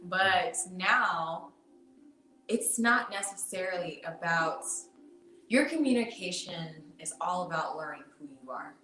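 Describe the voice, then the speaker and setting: A woman's voice: fairly low pitch, animated, slow pace, sharp tone, faint music behind. A woman, a tarot reader guest on a podcast, chatting casually and earnestly explaining spiritual ideas with fillers. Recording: roomy, distant from the mic.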